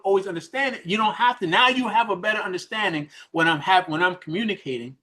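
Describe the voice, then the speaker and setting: A man from New York with a New York accent, a business mentor giving a fast, animated coaching talk on a group call, full of restarts and repeated questions. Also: sits high.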